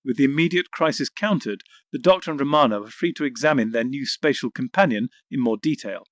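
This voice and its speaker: A man reading an audiobook in measured scripted narration. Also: medium pitch, no room sound, clean studio sound. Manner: measured, voices each character.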